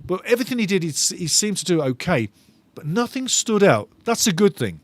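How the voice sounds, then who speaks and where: A man's voice: high-pitched, very animated, a little fast, no echo. A male fan host reading viewers' chat aloud during a live football watch-along, enthusiastic and given to repeating his phrases.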